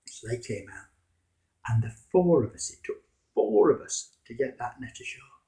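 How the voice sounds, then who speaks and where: A man's voice: mid-range voice, sing-song, unhurried, vocal fry, dark tone. A man telling a story in the first person as a fisherman disciple, in a wry, conversational, self-mocking way.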